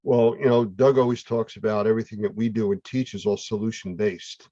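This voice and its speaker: A man's voice: lowish voice, steady tone, a little fast, mellow, no room sound. A male host talking conversationally and explaining things in a casual online interview. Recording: dull, dry mic sound.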